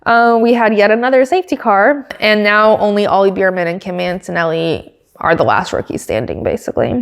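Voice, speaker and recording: A woman hosting a podcast, recapping a race in a casual, excitable way with lots of filler words. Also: medium pitch, clean tone. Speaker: podcast host.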